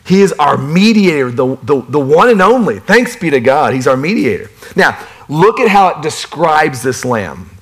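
A man preaching a sermon in a folksy, lively way. He moves between playful asides and hushed, solemn emphasis. His voice sits a little high for a man. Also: normal speed, breathy edge. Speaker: pastor.

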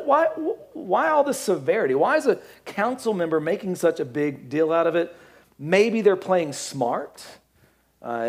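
Jokey man teaching scripture. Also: on the high side. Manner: conversational, jokey asides, stumbles over names; reads scripture aloud, then paraphrases. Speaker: Bible teacher. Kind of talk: casual Bible teaching with reading.

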